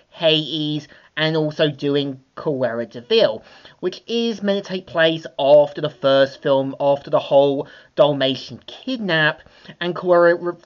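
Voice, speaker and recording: A woman with a deep, low voice walks through a comic book story in a loose, rambling way, with plenty of fillers. The sound is dull and lo-fi. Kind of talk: casual comic review narration. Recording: dull lo-fi home recording.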